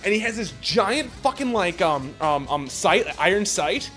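A man with a notably high voice tumbles through an excitable, profanity-laced movie rant in loose conversation. Faint music plays underneath. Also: measured pace. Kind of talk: casual chat.

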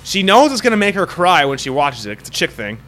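A man's voice: high voice, sing-song, fairly quick, fairly bright tone, faint music behind. A young man co-hosting a podcast in casual chat, rambling and swearing constantly. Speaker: podcast co-host.

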